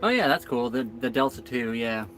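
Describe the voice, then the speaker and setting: A man's voice: mid-range voice, lively intonation, fairly quick, a bit bright, soft background music. A man hosting a live stream from his sailboat, chatting casually and answering viewer comments. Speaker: boat vlog host.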